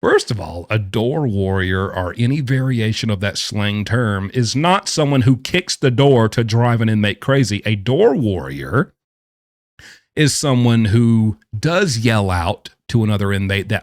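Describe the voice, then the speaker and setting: A man in the middle of a pitch range swings his voice up and down as he rants bluntly, mocking what he reacts to. The sound is dry and close, with no room around it. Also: animated, unhurried, dry recording. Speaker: commentator who says he knows prison. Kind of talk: opinionated reaction commentary.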